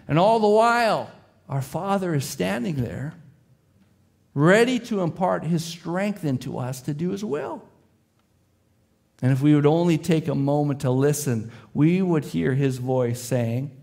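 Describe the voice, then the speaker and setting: A man's voice: fairly high pitch, a little slow, gravelly. A man preaching as pastor, telling an illustrative story with the boy's and father's voices, then leading a closing prayer. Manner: voices the boy and father in his story, softening to a hushed prayer.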